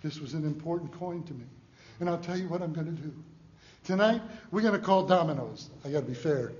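A man's voice: a little high, fast talker, warm tone, muffled recording, natural voice. A man, a preacher, voicing a village woman who pleads with her friends in a sermon story. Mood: eager. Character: anxious woman, joyful after finding her coin.

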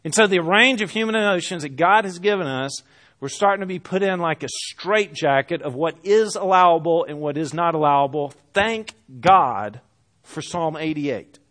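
High-voiced impassioned male preacher. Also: expressive, normal speed. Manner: impassioned, rising and dropping to hushed lows; reads scripture aloud in archaic phrasing. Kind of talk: sermon.

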